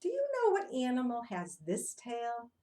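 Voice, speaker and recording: A woman's voice: fairly high pitch, wildly swooping pitch, normal speed, mellow. A woman leading young children through an interactive read-aloud, coaxing them with questions and sing-song chants. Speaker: children's movement teacher.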